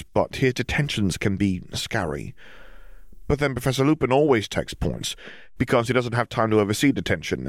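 A man's voice: on the low side, no echo, clean studio sound. A man voicing a chatty, knowing teenage girl in a storybook reading. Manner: chatty, explaining.

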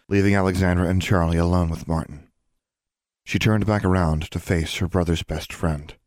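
A man narrating a storybook in a steady, measured way. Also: low-pitched, no room sound, studio quality. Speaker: audiobook narrator.

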